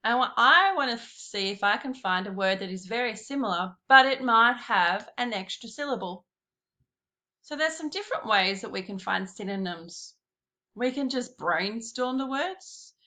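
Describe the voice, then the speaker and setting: A woman giving a slow, patient classroom lesson, talking straight to her pupils. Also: on the high side, lively intonation, pushed and bright. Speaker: primary school teacher.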